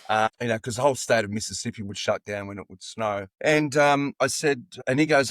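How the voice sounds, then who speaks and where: A man's voice: on the low side, a little fast, hardly any pauses, dry recording. A man in his sixties with an Australian accent, a football coach telling long personal stories in an interview and acting out what others said. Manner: animated anecdotes, acting out quoted dialogue. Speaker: football coach, podcast guest. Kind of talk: casual storytelling in an interview.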